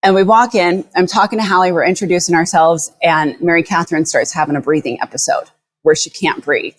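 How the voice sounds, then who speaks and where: A woman who runs a dog rescue, telling a story as a podcast guest in an animated, blunt way, swearing freely. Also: low-pitched.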